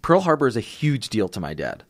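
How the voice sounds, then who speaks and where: A man's voice: mid-range voice, wildly swooping pitch, fairly quick. A young man hosting a casual chat, talkative and jokey, laughing often.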